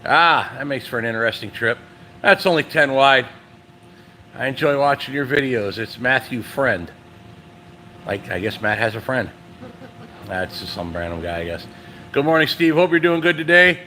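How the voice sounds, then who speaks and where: A man's voice: mid-range voice, lively intonation, normal speed, long pauses, bright, forceful tone. Chatty man hosting a shop live stream. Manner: chatty, thinks aloud while reading comments. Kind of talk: casual live stream, reading viewer comments aloud. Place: truck repair shop, indoors. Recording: echoey shop with machine hum.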